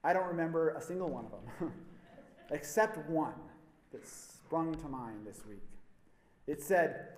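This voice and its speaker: A man's voice: fairly high pitch, animated, a little slow, long pauses. A man preaching a sermon, telling a story in a conversational style with a wry sense of humor. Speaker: pastor. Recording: echoey hall reverb.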